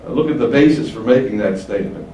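A man's voice: animated, quick pace, warm tone. Man teaching the Bible in an echoey room. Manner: explains, asks rhetorical questions, shifts pitch for emphasis. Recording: echoey room, distant mic, faint hiss.

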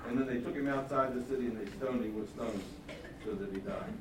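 Animated preacher in an echoey hall. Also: male voice, mid-range voice, fairly quick, far from the mic, noisy background. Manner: animated storytelling, acting out quotes. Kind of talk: sermon. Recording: echoey hall, mic from afar.

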